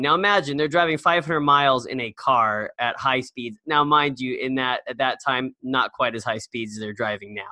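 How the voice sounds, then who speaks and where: A man's voice: mid-range voice, moderate pace, hardly any pauses, sharp tone, dry recording. A man co-hosting a podcast in casual chat, rambling and storytelling with lots of fillers and restarts. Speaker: podcast co-host.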